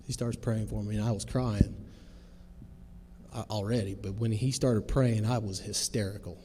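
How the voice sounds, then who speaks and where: Man in his thirties, plain-spoken testimony, mellow dark voice, long hall echo. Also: on the low side, steady tone, normal speed. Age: 30s. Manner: plain-spoken, earnest storytelling with folksy phrasing. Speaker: testimony speaker. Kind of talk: personal testimony to a recovery group. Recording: long hall reverb, faint noise.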